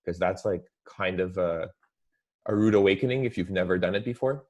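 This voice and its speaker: A young man with a very low voice chats casually as a guest on a talk show. He talks in a relaxed, rambling way and leans on "like" at nearly every turn. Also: brisk. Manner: relaxed, heavy use of "like" fillers. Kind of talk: casual chat.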